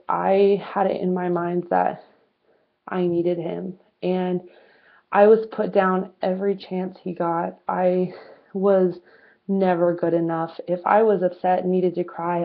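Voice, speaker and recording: A young woman in her twenties, talking candidly to camera about her own life, with many fillers and restarts. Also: medium pitch. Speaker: vlogger. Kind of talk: personal storytelling to camera. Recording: muffled, phone-like lo-fi sound.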